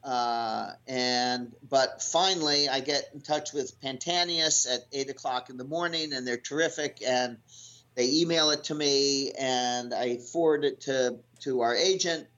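A man from the United States, a guest telling a sailing story, shares a casual travel anecdote that rambles with fillers and restarts. His medium-pitched voice is a bit bright and measured in pace, on lo-fi, dull audio.

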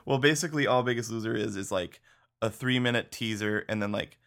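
A man's voice: on the low side, a little fast, gravelly, fairly bright tone. A man co-hosting a podcast in casual chat, laid-back, laughing often and saying "dude" and "like". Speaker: podcast co-host.

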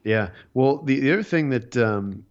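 A man's voice: medium pitch, lively intonation, normal speed, dull audio. A man co-hosting a casual chat show, talking in a chatty, joking way and chuckling often. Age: older. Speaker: podcast co-host.

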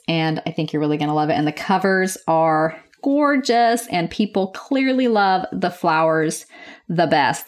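Upbeat chatty woman podcast host. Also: fairly low pitch. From United States. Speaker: nurse. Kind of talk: casual podcast chat. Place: home office by a lake.

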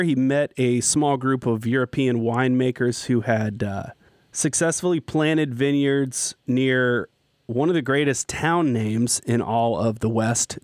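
A man's voice: medium pitch, a little mellow, no echo, clean studio sound. A man hosting a casual talk show, enthusiastic and jokey as he leads the segments. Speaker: host. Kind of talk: casual chat.

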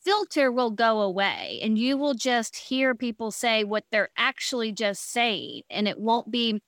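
A woman's voice: a little high, measured pace, no echo, studio quality. A woman giving blunt, candid advice in a podcast conversation, acting out other people's voices as she talks. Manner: animated, acts out voices of others.

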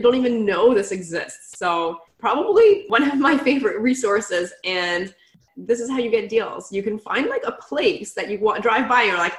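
A woman co-hosts a podcast, upbeat and gushing as she puts questions to the guest. Her voice has an ordinary pitch for a woman. The room around her echoes. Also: a bit bright. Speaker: podcast co-host. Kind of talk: casual podcast interview. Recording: roomy echo.

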